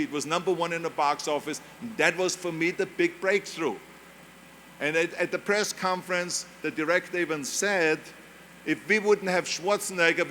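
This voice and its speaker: Older German-accented man, slightly high voice, emphatic speech, faint noise behind. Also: a bit bright. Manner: emphatic storytelling with repetition. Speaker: commencement speaker. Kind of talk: motivational speech. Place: large graduation ceremony venue.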